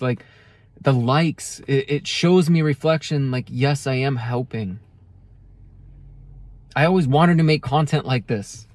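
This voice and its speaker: A man's voice: fairly high pitch, no room sound. A man speaking earnestly to camera in a heartfelt motivational monologue, often restarting his sentences. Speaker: self-help video creator.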